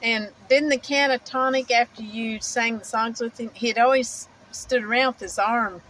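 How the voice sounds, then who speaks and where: A woman's voice: on the high side, steady tone, moderate pace, poor audio. A woman interviewing her mother, prompting her with leading questions. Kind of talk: casual family interview. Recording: very loud background noise.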